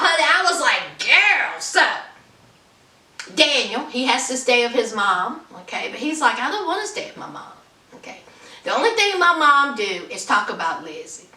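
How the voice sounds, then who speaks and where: A woman's voice: high voice, pushed and bright, echoey room, distant mic. A woman giving a casual, sassy recap of a reality TV episode, acting out the people she quotes and laughing often. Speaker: reality TV reviewer.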